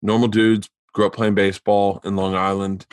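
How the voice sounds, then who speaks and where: A man's voice: on the low side, moderate pace, clean tone, no room sound. A middle-aged man hosting a podcast in casual chat, telling stories animatedly, swearing and laughing. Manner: animated storyteller, acts out voices, laughs hard, swears. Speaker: podcast host.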